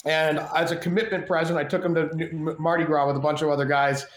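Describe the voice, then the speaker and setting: A middle-aged man telling a story as a podcast guest, animated and self-mocking, acting out the dialogue. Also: a little high, fast talker. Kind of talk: storytelling in casual chat. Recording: roomy echo, faint ambience.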